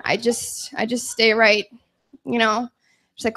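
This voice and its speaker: A woman's voice: a little high, little pitch movement, moderate pace, long pauses, fairly bright tone. Giggly young woman doing stand-up. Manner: rambling, self-deprecating, giggly. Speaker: stand-up comedian. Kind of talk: stand-up set. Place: bar stage.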